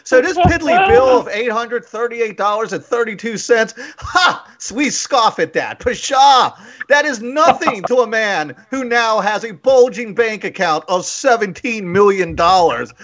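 A man doing a pompous, self-important accountant who scoffs grandly, pitched high above his usual voice. The sound is a bit dull and lo-fi. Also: lively intonation, unhurried, a bit bright, heavily acted. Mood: grandiose.

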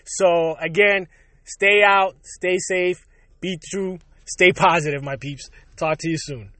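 A man's voice: high-pitched, steady tone, takes it slowly, pushed and bright, no echo. A man from Puerto Rico hosting his own show, ranting casually and profanely and laughing between lines. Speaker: podcast host. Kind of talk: casual solo rant.

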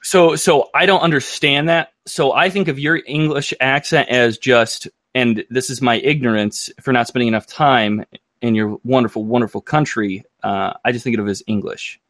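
A man's voice: medium pitch, fairly even intonation, fairly bright tone, dry recording. Chatty American man, dry close sound. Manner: rambling, self-interrupting, quick to joke. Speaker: podcast co-host. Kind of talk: casual chat.

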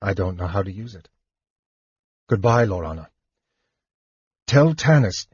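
A man voicing a grave, noble knight who speaks softly and low, resigned and tender, in an audiobook. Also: lively intonation, a little slow, slightly rough, dry recording, highs cut off, full character voice. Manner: soft, low, hushed. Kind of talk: audiobook character voice.

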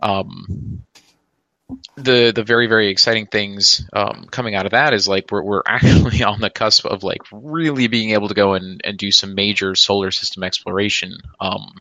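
A man's voice: fairly low pitch, steady tone, moderate pace, bright, forceful tone, no echo, muffled recording. A man co-hosting a live podcast, explaining ideas at length with lots of filler words. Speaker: podcast co-host. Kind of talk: casual live podcast chat.

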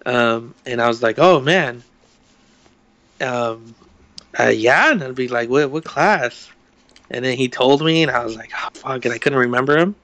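In a dry recording, a young podcast co-host with a medium-pitched, slightly bright voice tells a story at a measured pace. He rambles, curses freely and performs the quotes during the casual chat.

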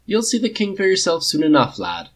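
A man's voice: high voice, huge pitch swings, a little fast, voice pushed up, exaggerated voice. A man doing a proud, amused Northman sailor.

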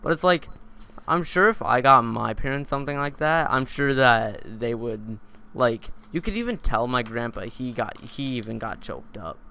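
A man's voice: mid-range voice, animated, normal speed, sharp tone, smooth. A teenage boy hosting a podcast, telling a long story in a casual, rambling way with lots of fillers and restarts. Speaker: podcast host.

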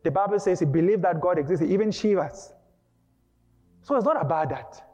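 A male preacher delivering an emphatic, dramatic sermon, breaking into shouts. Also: sits high, a little fast, soft background music. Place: church hall. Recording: dull lo-fi with long hall reverb.

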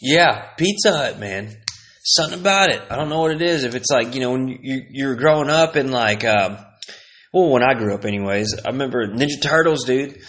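A man's voice: mid-range voice, animated, brisk, fairly bright tone. A young man from Texas, ranting casually and swearing constantly, his voice jumping up when he gets worked up. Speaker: vlogger. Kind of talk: casual profane rant.

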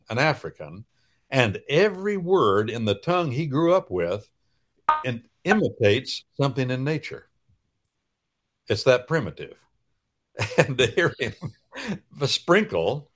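A man hosting a radio talk show, explaining in a folksy, preacherly way with drawn-out pauses. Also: mid-range voice. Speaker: radio host.

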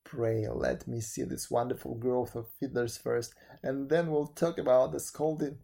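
Man playing a mild, good-humored storybook neighbor, husky warm tone. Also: mid-range voice, level tone, a little slow. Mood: amused. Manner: mild, forgiving, hearty laughter. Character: calm, kindly, laughing man Lin.

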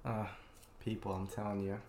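A man's voice: fairly low pitch, level tone, normal speed, a little mellow, reverberant, slight background noise. A man in his late twenties co-hosting a podcast in chatty casual talk, laughing often and filling his sentences with "like.". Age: 20s. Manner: chatty, laughs a lot, many "like" fillers. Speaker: podcast co-host. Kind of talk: casual chat.

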